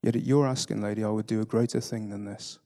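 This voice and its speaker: A man's voice: fairly low pitch, steady tone, quick pace, warm tone, big-room sound, natural voice. A man reading aloud and voicing a grave, noble king, formal and solemn.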